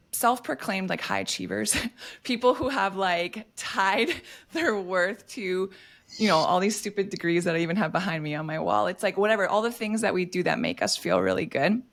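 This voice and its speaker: A woman's voice: medium pitch, lively intonation, normal speed, creaky. A woman hosting a casual podcast interview, affirming and laughing lightly as she talks. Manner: warm and affirming, laughs between words. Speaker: podcast host.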